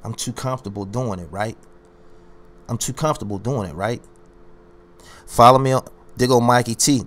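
A man's voice: mid-range voice, moderate pace, long pauses, fairly bright tone. A man ranting on his own commentary channel, boastful and confrontational, hammering his points by repeating phrases. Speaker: YouTube commentary host.

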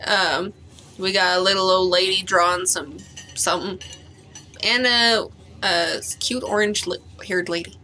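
A woman's voice: on the low side, fairly even intonation, a little slow, bright, forceful tone. A young woman streaming a story game, chatting, giggling often and reading the dialogue aloud.

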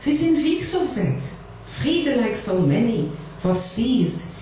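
A woman's voice: fairly high pitch, very animated, takes it slowly, mellow, pitched above the performer's own voice. A wry elderly grandmother speaks, put on by a woman reading her poems. Her delivery is dry and matter-of-fact. She sounds distant in a very echoey room, with faint noise behind her. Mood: musing. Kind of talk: poetry reading. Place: live performance venue.

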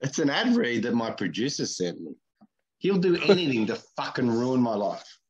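A man trading banter on a comedy podcast, blunt and crude with a deadpan delivery. His voice sits at a middle pitch. The audio is a bit dull and muffled. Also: moderate pace, crowd noise. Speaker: podcast co-host.

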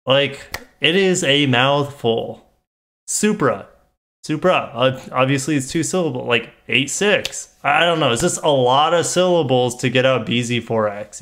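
A chatty man reads a press release on a live stream, keeping a middle pitch. He keeps stopping to riff and correct himself in loose, offhand asides. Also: a bit bright. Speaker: car channel host.

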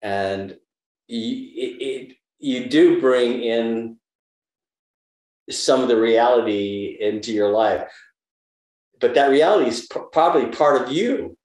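Older guy in his 70s, thoughtful storyteller, mid pitch, roomy echo on the mic. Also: takes it slowly, long pauses, a little mellow. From United States. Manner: thoughtful, storytelling, gives advice. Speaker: interview guest, actor. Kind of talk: reflective conversational interview.

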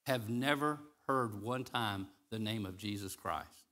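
Man preaching with big dynamic swings. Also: on the low side. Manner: swings from loud, rising declamation to soft, hushed storytelling; slows and stretches key phrases for emphasis. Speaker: interim pastor. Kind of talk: sermon. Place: church sanctuary.

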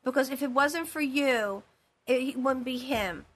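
A woman's voice: high voice, measured pace. A woman hosting a live call-in show as a psychic medium, talking in a rambling, emphatic way with many repeated phrases.

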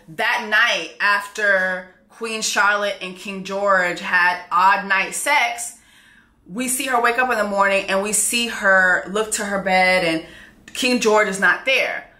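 A woman giving a casual, candid TV episode recap with frank, profane, animated storytelling. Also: mid-range voice, reverberant. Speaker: TV recap vlogger.

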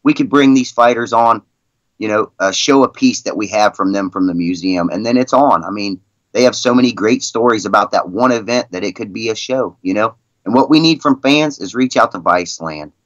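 A man's voice: fairly low pitch, a little fast, fairly bright tone, no room sound, lo-fi sound. A man guest on a podcast, telling stories in a rambling, casual way with lots of "you know" and "I mean". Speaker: guest, league president. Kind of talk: casual storytelling in a podcast interview.

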